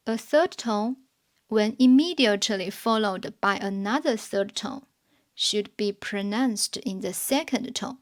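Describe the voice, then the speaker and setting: A woman narrating a scripted beginner language lesson, explaining rules in a measured, carefully enunciated way. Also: mid-range voice. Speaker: language teacher.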